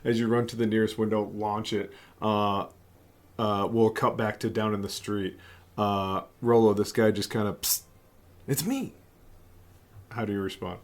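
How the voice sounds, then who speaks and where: Low-voiced man running a tabletop game. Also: flat delivery, normal speed. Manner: casual, many "uh" fillers. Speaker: game master.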